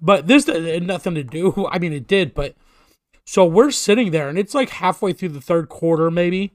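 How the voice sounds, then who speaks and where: A man telling a long story in casual, profane chat, poking fun at himself and getting more animated as it goes. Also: high-pitched, moderate pace, no echo, clean studio sound.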